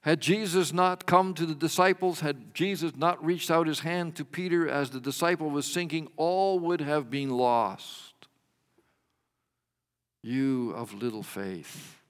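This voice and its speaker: A man preaching a sermon as a pastor, measured, rising to emphatic swells and dropping his voice at the ends of lines. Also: on the high side, in a large hall.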